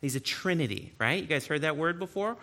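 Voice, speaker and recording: A man's voice: a little high, lively intonation, a little fast, bright, forceful tone. A man preaching a sermon, reading scripture aloud and breaking in with explanatory asides. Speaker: pastor.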